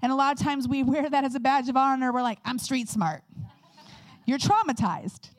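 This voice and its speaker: A woman guest speaker giving a candid, conversational sermon with quick personal asides. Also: sits high, fairly even intonation.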